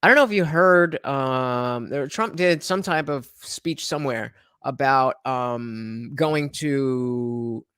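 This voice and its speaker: A man's voice: medium pitch, slow pace, few pauses, a bit bright, clear, resonant tone, no room sound, studio quality. A man hosting a reaction show, giving casual, rambling commentary with many restarts and fillers.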